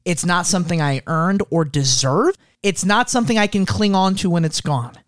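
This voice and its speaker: Calm, fairly high-voiced man. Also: dry recording, studio quality. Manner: calm, instructive, measured. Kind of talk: casual faith discussion.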